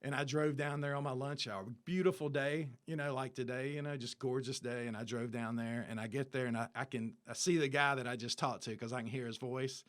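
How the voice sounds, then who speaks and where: A man's voice: medium pitch, brisk, hardly any pauses. A man in his fifties tells his story as an interview guest, in easy, casual talk. He acts out the people in it, dropping into their lines as he goes. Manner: animated storyteller, acts out dialogue.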